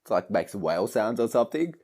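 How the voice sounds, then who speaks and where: A man co-hosting a podcast, chatting casually about a movie, retelling scenes with animated laughter. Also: lowish voice, fast. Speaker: podcast co-host. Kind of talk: casual movie review chat.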